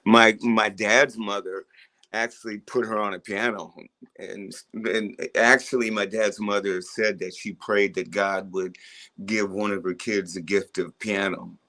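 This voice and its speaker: An older man talks in a low, easy voice, guesting on an interview. He rambles through childhood stories, stopping and restarting his sentences as he goes. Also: flat delivery, a little slow, sharp tone. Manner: laid-back, rambling storyteller with frequent restarts. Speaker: rock musician guest. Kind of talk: casual interview chat.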